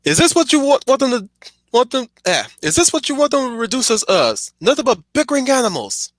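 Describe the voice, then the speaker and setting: A shouting werewolf leader. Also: male voice, sing-song, fairly quick, no echo, clean studio sound, exaggerated voice. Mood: furious, impassioned. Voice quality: shouted, strained high voice. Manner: impassioned, declamatory. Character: defiant male werewolf leader rallying his kind.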